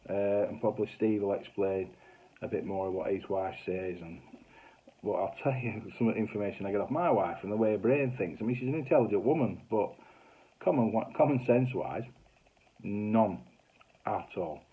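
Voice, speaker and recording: Over tinny, phone-like audio, a middle-aged Northern English man with a lowish, breathy voice tells funny stories. He's a comedy sitcom writer, chatty and broad in his casual anecdotes, swearing mildly and acting out voices.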